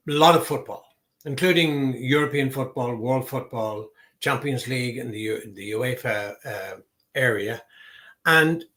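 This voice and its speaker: A man talks alone about football refereeing in a mid-pitched voice. He explains his points emphatically and leans on key words by repeating them. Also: a bit bright. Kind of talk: solo opinion talk to camera.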